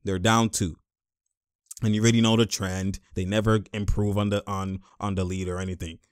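A young man hosting casual game-watching commentary, animated and full of exclamations and laughter. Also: fairly low pitch, normal speed, clean tone, no echo, studio quality. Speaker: host.

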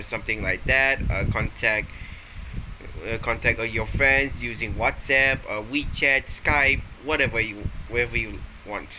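A man talks in a loose, playful ramble, stopping and restarting as he goes. His voice sits at a middle pitch. An air conditioner hums clearly behind him the whole time. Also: background noise. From Malaysia. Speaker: vlogger. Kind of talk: casual rambling vlog.

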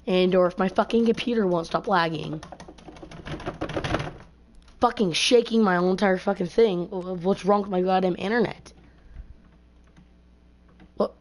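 This is an angry gaming live stream rant: a woman on a headset mic swears and grumbles, frustrated with the other team and her computer. Her medium-pitched, darkish voice is fairly even in intonation and a little slow, with long pauses.

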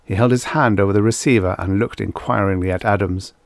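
A man reading vintage science fiction stories aloud as an audiobook narrator, in a steady, measured way. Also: lowish voice, vocal fry, no room sound.

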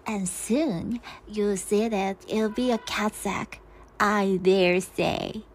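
A woman voicing a sly, know-it-all female cat in a storybook, mewing in a high piping put-on voice. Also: fairly even intonation, slow pace, slight background noise, lightly acted. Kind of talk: storybook voice acting.

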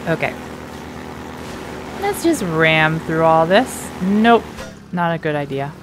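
A woman talks through a shooter game in a slow, unhurried way, chatting and teasing the enemies on screen. Her voice sounds slightly hoarse. A faint hiss sits under the recording. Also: sits low, big pitch swings. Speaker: gamer playing a shooter. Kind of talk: casual let's play commentary.

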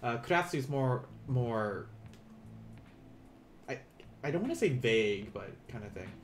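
A man teaching a beginner Japanese lesson on a live stream, explaining in a relaxed, chatty way with many fillers and restarts. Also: medium pitch, unhurried, a little hiss or hum.

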